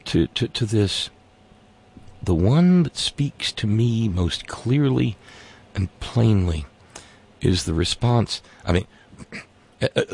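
A man's voice: lowish voice, creaky, husky. A man hosting a satirical political rant. He is sarcastic and exasperated and stammers as he talks. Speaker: host.

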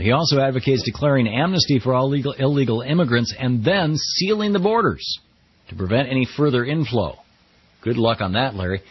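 A man's voice: mid-range voice, husky, no room sound, lo-fi sound. A middle-aged man hosting a radio talk show, giving wry, conversational commentary on the news. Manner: wry, conversational, quotes people in mock voices.

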